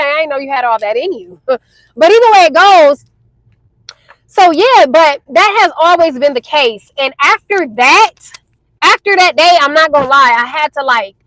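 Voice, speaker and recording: Chatty high-voiced woman telling a story. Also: dry recording, rough recording. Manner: animated, chatty, addresses viewers as y'all. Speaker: storytime vlogger. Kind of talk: casual storytelling to viewers.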